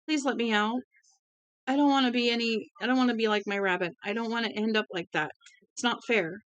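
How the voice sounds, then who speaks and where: A woman's voice: lowish voice, lively intonation, normal speed, fairly bright tone, no room sound, muffled recording. A woman voicing a starving, terrified male prisoner who whines and begs through sobs, in a storybook reading. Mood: sobbing plea. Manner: whiny, sobbing, begging.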